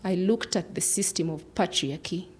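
A woman's voice: lowish voice, normal speed, husky. A woman in her thirties, a human rights lawyer, telling an earnest personal story and dropping to near-whispers at tense moments.

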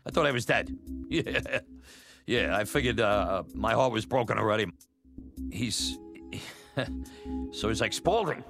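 A man's voice: lowish voice, measured pace, creaky, long pauses, music in the background. A man telling a personal story about his youth, candid and conversational, chuckling now and then. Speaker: storyteller, former batboy.

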